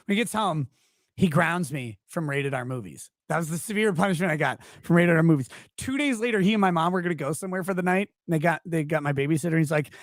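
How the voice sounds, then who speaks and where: A man's voice: on the high side, fast talker, dry recording. Guy in his 40s from houston, swears a lot, goes on and on, dry close sound. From Houston, Texas. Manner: rambling, profane storyteller with animated swings. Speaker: podcast guest. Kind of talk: casual chat.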